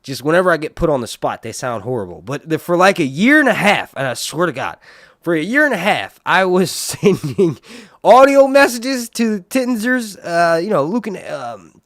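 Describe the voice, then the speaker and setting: A man's voice: sits high, sing-song, moderate pace, fairly bright tone, dry recording, studio quality. A man from North Carolina, chatting casually on a livestream and laughing often. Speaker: livestream TV show reviewer. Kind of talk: casual live chat.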